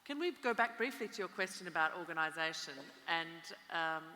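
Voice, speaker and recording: A woman moderating a talk's Q&A, polite and measured. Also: fairly low pitch, expressive, bright, forceful tone, in a large hall. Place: large hall.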